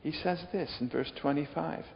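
A man's voice: a little high, moderate pace, vocal fry, a little hiss or hum. A man preaching a sermon in a chatty, joking way, often putting questions to his listeners. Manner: chatty, jokey, asks the audience questions. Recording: dull lo-fi sound with long hall reverb.

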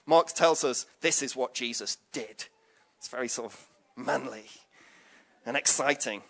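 A man's voice: medium pitch, moderate pace, a bit bright. A man preaching a conversational sermon, chatty and jokey, with lots of asides.

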